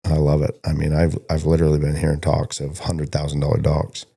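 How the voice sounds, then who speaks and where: A man's voice: extremely low pitch, monotone, fairly quick, vocal fry, mellow, husky. A man co-hosting a casual podcast about stockdog training, telling long rambling stories and acting out the conversations he quotes. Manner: rambling storyteller who acts out quoted conversations.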